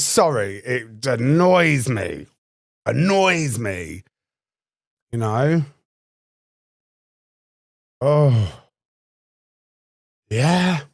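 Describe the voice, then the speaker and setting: A man's voice: mid-range voice, no echo, clean studio sound. A man trading brash, sweary, mocking insults during a livestream battle. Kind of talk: taunting livestream banter.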